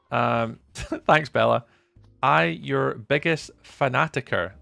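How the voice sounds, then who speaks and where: A young man chatting casually with viewers while live streaming, playful and often trailing off into a softer voice. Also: mid-range voice, normal speed, creaky, no room sound, faint music behind.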